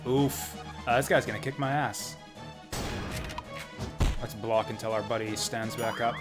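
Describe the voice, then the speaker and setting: A man's voice: mid-range voice, steady tone, unhurried, loud music behind the voice. A man chatting casually and rambling as he streams a video game. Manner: chatty, rambling, laughs often.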